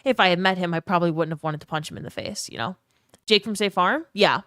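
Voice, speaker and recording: Woman streamer with vocal fry. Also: on the low side, fast, a bit bright, dry recording, studio quality. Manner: chatty, answers viewer chat. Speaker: game streamer. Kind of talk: casual live-stream chat.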